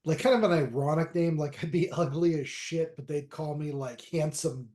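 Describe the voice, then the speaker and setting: A man's voice: a little high, moderate pace, a little mellow. A man playing in a tabletop game, talking in a rambling, hesitant way with many fillers. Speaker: player. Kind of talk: casual chat at a tabletop game.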